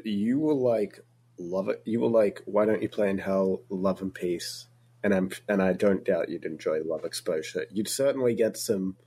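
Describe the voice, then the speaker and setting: Man, podcast co-host, husky voice, lowish pitch, relaxed casual chat. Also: moderate pace.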